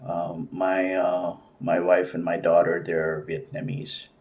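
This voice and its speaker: A man's voice: sits low, flat delivery, slow, a little mellow, lo-fi sound. A middle-aged man talking casually to camera, rambling with lots of fillers and restarts. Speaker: vlogger.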